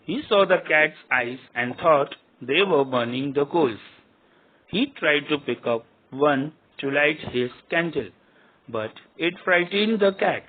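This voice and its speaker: Male teacher, dictating a story lesson, repeats meanings, raspy fairly high voice, phone-line sound. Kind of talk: reading a story lesson aloud.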